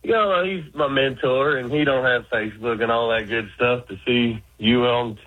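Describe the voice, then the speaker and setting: A man's voice: medium pitch, normal speed. Male caller from Arkansas with a Southern drawl, earnest and rambling, heard over a phone line. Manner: earnest, rambling, drops in "man". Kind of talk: phone call to radio show.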